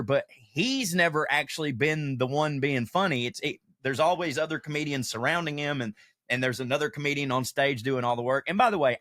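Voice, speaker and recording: A male comedian hosting a podcast, ranting in an animated, profane way with comic asides. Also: mid-range voice, no room sound, clean studio sound. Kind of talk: casual podcast monologue.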